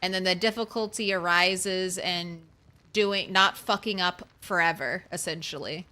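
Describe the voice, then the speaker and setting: Slow, bright-voiced woman streamer. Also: fairly low pitch. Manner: chatty, swears casually, talks to the game animals. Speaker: game streamer. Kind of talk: casual gameplay commentary.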